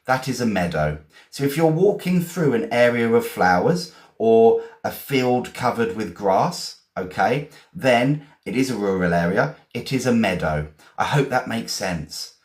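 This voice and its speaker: A man from England with an English accent, teaching vocabulary in a chatty, encouraging way, repeating and spelling words slowly. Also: mid-range voice, lively intonation, echoey room. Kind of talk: live-streamed vocabulary lesson.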